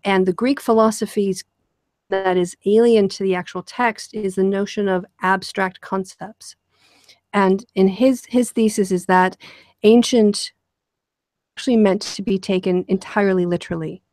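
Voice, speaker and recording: A woman's voice: mid-range voice, fairly even intonation, moderate pace, darkish tone, no echo. A woman hosting a casual conversation, explaining ideas in a rambling way with lots of fillers and restarts. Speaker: show host.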